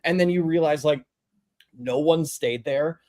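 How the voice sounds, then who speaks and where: A man casually telling a story in a group chat, acting out quoted lines with big swings in voice. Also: unhurried. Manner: animated, acts out quotes with big pitch swings.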